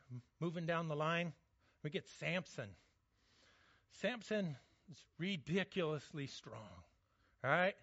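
A man's voice: high voice, expressive, a little slow, long pauses, a bit bright, no echo, lo-fi sound. A man preaching a sermon in a conversational, joking way, often restarting his words. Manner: conversational, jokey, frequent restarts. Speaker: pastor.

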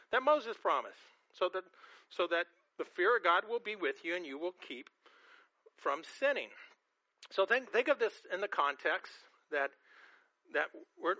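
A man's voice: high voice, pushed and bright, no echo, highs cut off. A man preaching a sermon in a conversational way, often repeating and restarting words, sometimes acting out quoted reactions. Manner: acts out quoted reactions in a changed voice.

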